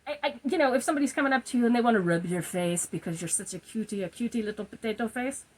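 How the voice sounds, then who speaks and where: Woman, 40s, husky and slightly high voice, chatty goofball skincare vlogger talking at home. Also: animated, rapid-fire, low-quality recording. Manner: chatty, goofy, laughs at own slips. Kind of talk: casual product review. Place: her room at home, indoors.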